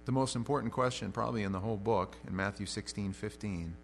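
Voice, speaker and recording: A man preaching an expository sermon as pastor. He moves between conversational asides and emphatic lines, with big swings in loudness and pitch. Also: fast, creaky, slight background noise.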